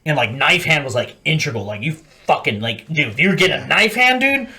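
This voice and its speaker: A man hosting a podcast, telling stories in casual, profane chat and acting out yelling sergeants. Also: a little high, big pitch swings, brisk, creaky. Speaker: podcast host.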